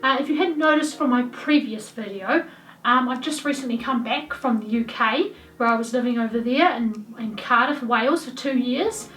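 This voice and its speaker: A woman's voice: fairly high pitch, normal speed, a bit bright. Chatty New Zealand woman, roomy echo. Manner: chatty, rambling with frequent ums. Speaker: vlogger. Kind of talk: casual vlog chat. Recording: roomy echo, voice from a distance, light background music.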